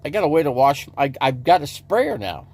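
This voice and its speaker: A man's voice: fairly high pitch, big pitch swings, normal speed, darkish tone, dry recording. A man livestreaming casual chat from inside his RV, rambling and restarting his sentences as he talks to viewers in the chat. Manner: rambling, with many restarts and repeated words.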